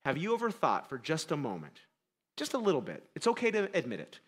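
A pastor preaches to his church in a fairly high voice that drops to near hush and then climbs to urgent emphasis. His delivery is conversational and full of small restarts. The sound carries a long hall reverb, as if captured in a church sanctuary. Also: huge pitch swings, a little fast, breathy edge. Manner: dramatic swings between quiet and loud; conversational, self-correcting preaching. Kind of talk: sermon.

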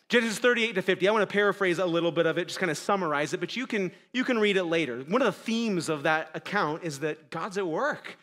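A man preaching a sermon as a pastor in a church, conversational and self-correcting, swinging between quiet, intimate passages and loud, urgent ones. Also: on the high side, fairly quick, long reverb tail.

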